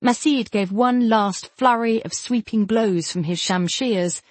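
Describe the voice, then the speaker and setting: Steady woman narrating a fantasy novel. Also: a little high, unhurried, no echo. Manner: steady, even storytelling. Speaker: audiobook narrator.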